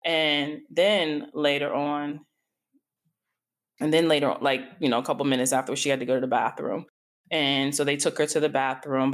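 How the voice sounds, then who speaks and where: A middle-aged woman hosting a podcast, telling a personal story in a candid, informal way that wanders into tangents. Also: deep voice. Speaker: podcast host.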